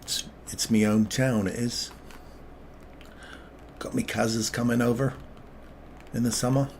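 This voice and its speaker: A man's voice: mid-range voice, flat delivery, a little slow, vocal fry, a little mellow, a little hiss or hum. A man putting on a cheeky British bloke. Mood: jokey. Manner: jokey slangy banter.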